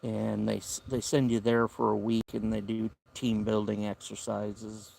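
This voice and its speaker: A man's voice: lowish voice, completely flat delivery, unhurried, vocal fry, darkish tone. A man with a Southern US accent hosting a casual camping livestream outdoors, talking in an easygoing, rambling drawl. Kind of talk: casual live-stream chat. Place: outdoor campsite by the woods.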